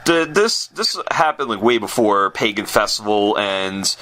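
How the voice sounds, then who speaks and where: A man hosting a radio interview, asking halting questions full of restarts. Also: fairly low pitch, animated, a crowd in the background, poor audio. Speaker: radio host, DJ. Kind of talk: casual interview chat.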